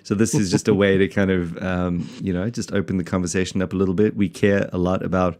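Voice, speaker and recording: A man's voice: sits low, level tone, quick pace, darkish tone. A man from South Africa hosting a casual podcast, rambling and self-mocking with lots of fillers and restarts. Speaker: podcast host, pastor.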